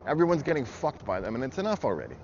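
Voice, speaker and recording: In an angry political rant, a man vlogs heatedly and bluntly, swearing a lot. His mid-range voice swings hugely in pitch and comes out rapid-fire, with muffled audio and loud traffic noise behind him.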